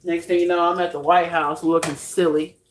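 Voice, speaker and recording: A woman's voice: lowish voice, flat delivery, fairly quick, background noise. A woman talking frankly to her viewers in a casual monologue, swearing and laughing often while she cooks. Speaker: vlogger.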